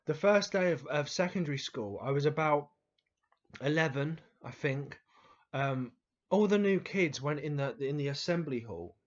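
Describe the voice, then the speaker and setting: A man's voice: fairly high pitch, expressive, normal speed, dull audio. A man telling childhood stories to camera in a casual, rambling way, with frequent restarts, fillers and the odd swear word. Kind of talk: casual storytelling monologue.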